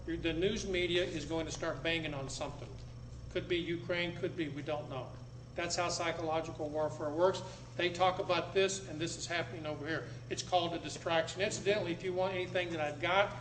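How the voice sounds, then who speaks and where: An American man lecturing a live audience in a blunt, dramatic way, with sudden loud bursts. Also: a little high, steady tone, a little fast. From United States. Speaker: public speaker. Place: meeting room with an audience. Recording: echoey room, faint background noise.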